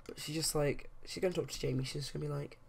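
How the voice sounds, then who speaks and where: A woman's voice: low voice, fairly even intonation, rapid-fire, vocal fry, husky. A young woman hosting a let's play, narrating a life-sim game in a chatty, rambling way. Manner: chatty, rambling, with many fillers. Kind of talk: casual game commentary.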